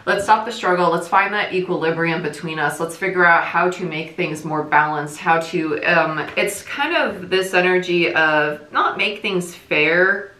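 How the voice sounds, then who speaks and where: A young woman from New Jersey giving a casual tarot reading, talking quickly in a chatty, rambling way. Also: on the low side, pushed and bright. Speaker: tarot reader. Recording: echoey room.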